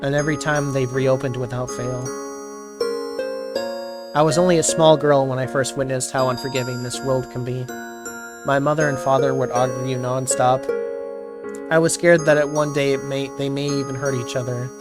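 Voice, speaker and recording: A man voicing a shy, troubled teenage girl in a read-aloud story, speaking in a quiet, subdued way. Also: mid-range voice, close to an everyday voice.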